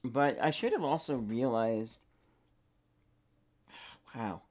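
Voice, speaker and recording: A young man thinks out loud as he plays, wandering from one idea to the next. His voice is soft and easygoing, sits mid-range for a man, and keeps trailing off. Some clicking is heard in the background. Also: mid-range voice, slow pace. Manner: rambling, musing aloud while playing. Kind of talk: casual gaming commentary.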